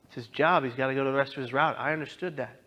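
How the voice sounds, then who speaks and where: A man telling his own story as a dramatic testimony, impassioned and pleading, swinging from hushed lines to loud outbursts. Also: medium pitch, fairly even intonation, very fast. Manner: pleading, directly addresses listeners. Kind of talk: dramatic personal testimony talk.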